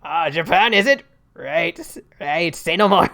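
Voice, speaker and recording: A woman voicing a boisterous rich man in a game, with a loud, broad put-on Irish accent. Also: fairly low pitch, moderate pace, close to an everyday voice.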